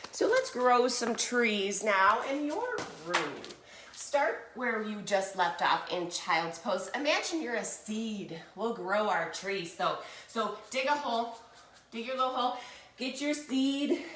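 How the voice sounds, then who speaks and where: A woman's voice: a little high, recorded from a distance. A woman teaching a children's yoga class, reading a picture book aloud and guiding poses in a playful, encouraging way. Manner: playful, encouraging, animated storytelling. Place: indoor room, filmed while doing poses. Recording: echoey room.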